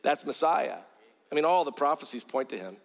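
A man's voice: a little high, lively intonation, fairly quick, vocal fry. A middle-aged male evangelist from South Carolina, preaching a sermon with stories and repeating words earnestly as he builds a point. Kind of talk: sermon with storytelling. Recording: long hall reverb.

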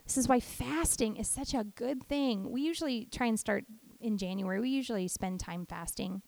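A middle-aged woman teaching a devotional message in a high, bright-toned voice. She is an animated storyteller with lots of energy, recorded dry and close with no room sound. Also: normal speed, creaky, dry recording. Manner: animated storyteller who acts out family voices. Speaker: women's ministry teacher.

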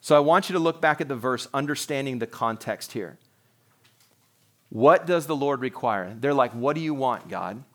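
A man's voice: mid-range voice, lively intonation, normal speed, fairly bright tone. A man in his forties, a pastor, preaching a sermon in an earnest, conversational way with frequent restarts.

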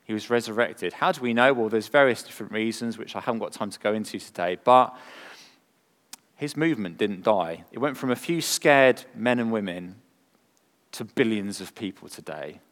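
A man preaching a sermon, earnest and full of rhetorical questions, moving from emphatic lines to hushed ones. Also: lowish voice, moderate pace. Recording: long hall reverb.

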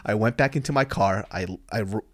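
A young man, a comedian, telling candid, profane stories in a casual podcast chat, often breaking into laughter and shouted self-mockery. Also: fairly low pitch, brisk, dry recording, clean studio sound. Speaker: comedian and YouTuber guest.

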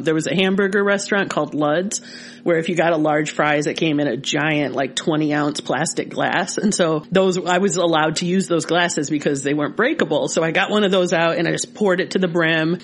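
Animated woman telling a childhood story. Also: moderate pace. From Michigan. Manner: animated, rises in pitch when excited. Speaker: podcast co-host. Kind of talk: casual storytelling chat.

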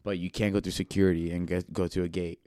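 A man's voice: low-pitched, little pitch movement, fast talker, a little mellow, no echo. A young man co-hosting a podcast, telling stories in a laid-back, casual way and mimicking the people he quotes. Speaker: podcast co-host.

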